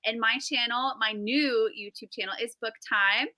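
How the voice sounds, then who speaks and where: A woman's voice: fairly high pitch, steady tone, normal speed, bright, forceful tone, no room sound. A woman taking part as a guest in a live book discussion over a video call, talking in a friendly, upbeat way. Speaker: guest booktuber. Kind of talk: casual live-stream chat.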